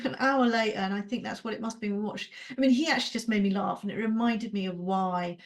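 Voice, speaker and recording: A woman on a podcast, talking candidly and emotionally, swearing freely and laughing often. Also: a little high. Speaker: podcast co-host, coaching client. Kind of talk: candid conversational podcast chat.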